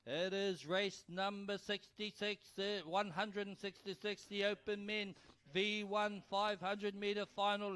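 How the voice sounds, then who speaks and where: A man calling a canoe race live as announcer, excitable and urging the crowd to cheer. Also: high voice, smooth. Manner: excitable, urges the crowd, tongue-tied at times. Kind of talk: live sports commentary. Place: outdoor regatta venue.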